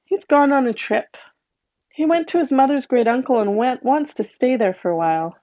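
A woman's voice: sits high, moderate pace, mellow, highs cut off, voice pushed up, close to an everyday voice. A woman voicing a scheming, cruel stepmother who sounds falsely sweet and coaxing. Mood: falsely casual.

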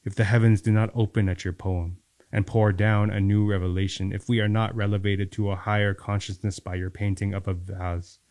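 A man, a poet giving a measured, lyrical reading of his own verse. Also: fairly low pitch, little pitch movement, darkish tone, no room sound. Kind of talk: poetry reading then casual chat.

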